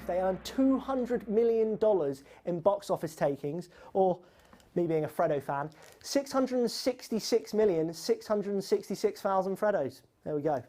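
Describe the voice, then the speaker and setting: A quiz host running a live online quiz, reading out questions and scores in a chatty, teasing, upbeat way. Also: medium pitch.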